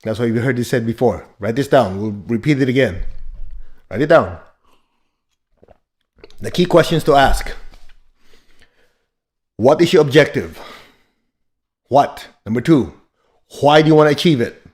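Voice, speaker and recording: A man's voice: mid-range voice, expressive, unhurried, long pauses, darkish tone. Blunt, emphatic male spiritual teacher. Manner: emphatic, blunt and joking, with bursts of laughter. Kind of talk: motivational teaching talk.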